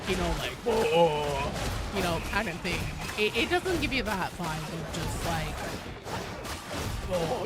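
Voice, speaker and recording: A woman game streamer chatting casually with her viewers while playing, swearing freely and greeting people in chat. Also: medium pitch. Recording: game music playing behind the voice.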